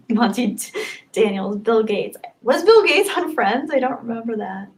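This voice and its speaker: A young woman hosting a casual livestream, reading super chats and thanking viewers. She gushes and gets excited, and she thinks aloud as she scrolls the chat. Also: a little high, a little slow. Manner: bubbly, gushing and excitable. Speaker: livestream host.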